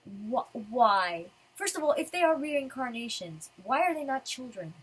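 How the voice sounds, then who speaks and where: A woman's voice: high voice, sing-song, fairly quick, poor audio. A woman giving casual commentary as a manga reviewer, ranting in frustration.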